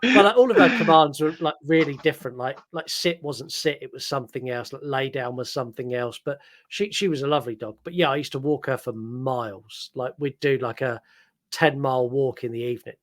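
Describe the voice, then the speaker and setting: A man's voice: medium pitch, brisk, a bit bright. A man co-hosting a podcast, chatting casually and rambling through a film recap with many "like"s and "um"s. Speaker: podcast co-host.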